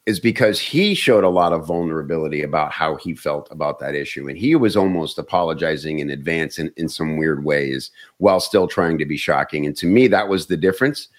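A comedian and actor telling stories in casual chat, animated and often restarting words. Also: male voice, a bass voice, a little fast, few pauses.

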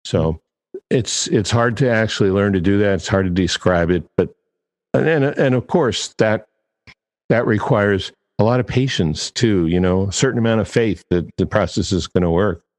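A man with a low, deep voice hosts a podcast in a loose, chatty way, wandering from one example to the next and poking fun at himself. His voice carries a long reverb tail, as if recorded in a large, echoing space. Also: moderate pace. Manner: chatty, digressive, self-deprecating. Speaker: podcast host. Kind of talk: casual podcast monologue.

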